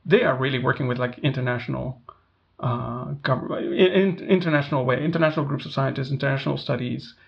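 A man's voice: medium pitch, fast, gravelly, dull audio. A man co-hosting a podcast in casual chat, rambling with many fillers and restarts. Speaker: podcast co-host.

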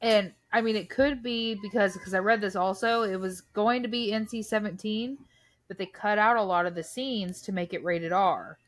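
A woman co-hosting a casual movie podcast, chatting in a rambling, easygoing way. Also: mid-range voice. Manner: chatty, rambling, quick to laugh along. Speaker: podcast co-host. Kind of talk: casual chat.

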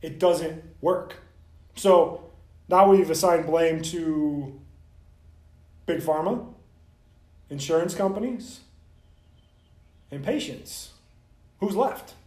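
A man hosting a vlog, ranting bluntly and profanely straight to the camera as a soft tissue clinician. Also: fairly high pitch, slow, long pauses, echoey room.

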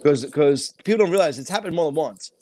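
A man co-hosting a casual chat, talking profanely and acting out quotes in loud, shouted voices. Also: on the high side, lively intonation, fast.

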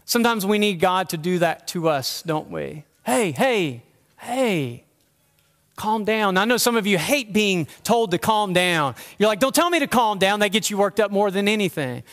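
Man preaching, earnest and conversational, high clear voice, echoing hall. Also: normal speed, a bit bright. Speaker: pastor. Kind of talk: sermon. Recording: long hall reverb.

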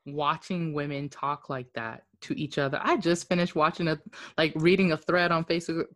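A woman's voice: sits low, steady tone, normal speed, fairly bright tone, no echo. A woman co-hosting a casual podcast chat, outspoken and swearing freely.

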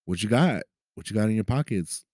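A man's voice: lowish voice, expressive, fairly quick, a little mellow, no room sound, clean studio sound, voice pushed up. A man voicing a pushy, slangy street mugger who talks in blunt demands. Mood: demanding.

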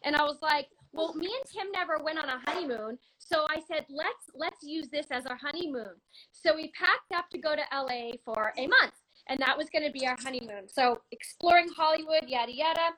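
Woman, from Canada, thirties, high voice, casual animated storytelling, laughing, shouty bursts. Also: rough recording. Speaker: guest telling a story.

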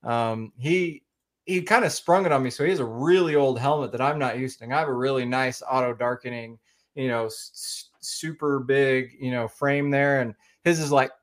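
A man's voice: medium pitch, normal speed. Rambling man with a slight Oklahoma accent. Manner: rambling, many fillers and restarts. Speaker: podcast guest. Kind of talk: casual interview chat.

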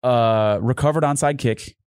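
Guy hosting a sports betting pod, animated stories, cusses a lot, dry close sound. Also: mid-range voice, a little slow, smooth, dry recording. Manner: animated storytelling, swears freely. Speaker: podcast host. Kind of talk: casual sports betting chat.

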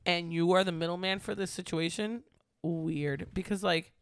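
A woman's voice: fairly low pitch, steady tone, normal speed, clear, resonant tone, no echo. Brief: young woman co-host, casual storyteller, filler-heavy, dry close mic. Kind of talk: casual chat.

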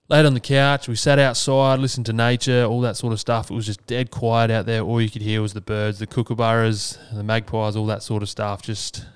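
A man's voice: lowish voice, clear, resonant tone, dry recording, clean studio sound. An Australian man hosting a solo podcast, talking casually and earnestly, swearing freely. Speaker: podcast host.

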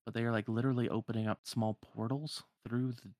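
A man's voice: medium pitch, flat delivery, brisk, darkish tone, dry recording, studio quality. A man casually retelling a game's story for friends with wry, self-deprecating humor. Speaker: podcast host recapping a game.

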